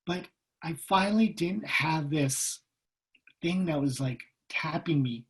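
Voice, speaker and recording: A man telling stories from his own life to an audience as a guest speaker, recorded over a video call. He talks in a lively, humorous way and slips into the voices of the people in his stories. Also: on the high side, slow, rough recording. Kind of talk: personal storytelling talk.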